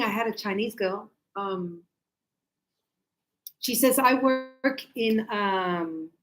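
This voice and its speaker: A woman's voice: medium pitch, fairly bright tone, rough recording. A woman teaching English in a casual, chatty way, acting out everyday scenes and filling gaps with little sound effects.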